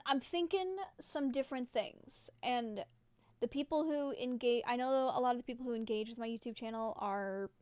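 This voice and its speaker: A young woman chats loosely with her live viewers, drifting from one thought to the next, filling gaps with "like" and frequent giggles. Her voice sits fairly high and comes across smooth and clear. The sound is dry and close. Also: no echo. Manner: rambling and giggly, many fillers like "like". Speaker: livestreamer. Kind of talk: casual chat with live viewers.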